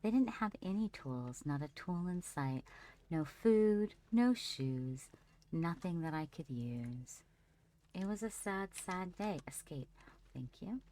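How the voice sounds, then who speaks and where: A woman with a notably deep, low voice, talking casually through a live gameplay stream. She chats easily with viewers and calls her character "darling" as she goes. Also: expressive, takes it slowly, warm tone. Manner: chatty, talks to her character and chat fondly. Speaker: livestreamer.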